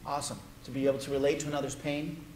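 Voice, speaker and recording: A male pastor delivers a sermon in a fairly high voice. He is playful and jokey, and he keeps asking the congregation questions. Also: level tone, rapid-fire, a little mellow, slight background noise.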